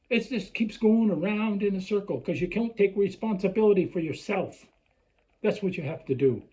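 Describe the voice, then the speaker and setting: A man's voice: high-pitched, warm tone, muffled recording. An older man from Canada delivering an angry, sarcastic ranting monologue, often mocking others in put-on voices. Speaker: vlogger.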